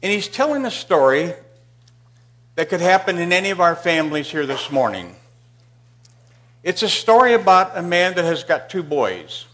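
Man, pastor, sermon, storytelling, slightly high voice, very animated pitch. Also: moderate pace, long pauses. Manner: storytelling, swings from loud emphasis to hushed asides. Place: church.

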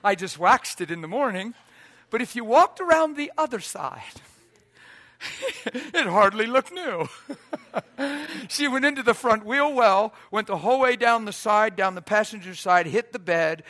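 A high-voiced man preaches a storytelling sermon with a bright, ringing tone. He drops to soft, hushed quoted lines, then climbs to loud, near-shouted exhortation. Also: moderate pace.

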